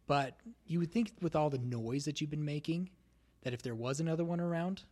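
A man's voice: fairly high pitch, a little fast, a little mellow. Laid-back male game master. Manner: laughs often, easygoing rulings. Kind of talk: narrating a tabletop game.

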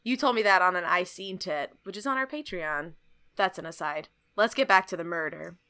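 Bright-voiced woman podcast host, playful. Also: on the low side, moderate pace, clear, resonant tone. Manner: playful, laughing, jokey asides. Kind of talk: casual chat, storytelling.

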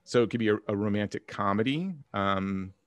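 A man in his forties co-hosting a casual podcast chat, joking and relaxed. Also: on the low side, fairly quick, no room sound. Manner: joking put-on smooth voice at first, then laughing and relaxed. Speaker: podcast co-host.

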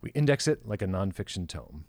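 A man's voice: deep voice, very animated, a little fast, a little mellow, no echo. A man co-hosting a casual podcast, trading wordplay and playful grandiose intros. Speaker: podcast co-host. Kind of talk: casual chat.

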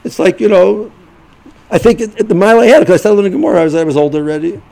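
Halting, gravelly-voiced rebbe, a man. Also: sits high, mellow, rough recording. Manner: halting, repeats words, restarts sentences. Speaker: yeshiva rebbe giving a shiur. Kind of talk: informal Torah talk.

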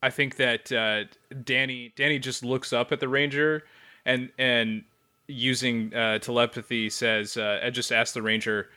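A man's voice: mid-range voice, flat delivery, a little slow, pushed and bright, clear, resonant tone. A man playing a tabletop game, hesitant and thinking aloud. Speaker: player.

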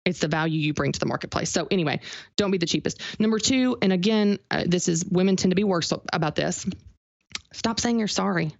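A woman's voice: fairly low pitch, fast talker, vocal fry, no echo, lo-fi sound. A woman being interviewed, giving emphatic motivational business advice and repeating her main points. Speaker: guest, business author.

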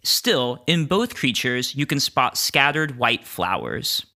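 A man narrating a tabletop game as game master, describing scenes in an unhurried way. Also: mid-range voice, big pitch swings, bright, forceful tone.

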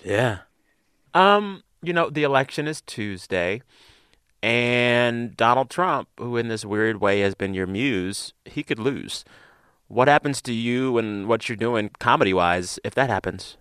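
A man hosting an interview, talking in an expressive way, laughing readily and using loose fillers as he asks questions. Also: mid-range voice, measured pace, clean tone, dry recording, studio quality. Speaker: interviewer, host. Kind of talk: interview conversation.

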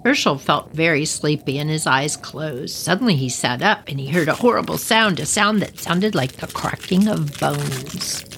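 A woman's voice: sits low, animated, normal speed, vocal fry, hardly any pauses, fairly bright tone, a little hiss or hum, poor audio. A woman reading a story aloud on her podcast with playful, chatty asides.

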